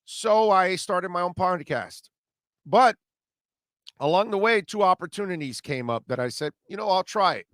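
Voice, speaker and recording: A man's voice: sits high, animated, normal speed, a bit bright, no echo. Blunt, preachy man at a dry studio mic. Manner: blunt, preachy, punchy and emphatic. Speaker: sports radio host. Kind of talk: opinionated sports talk monologue.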